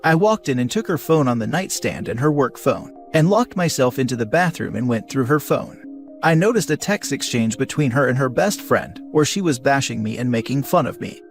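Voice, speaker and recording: A man reading an online post aloud as a story, with a steady, even delivery. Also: mid-range voice, brisk, soft background music. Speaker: narrator.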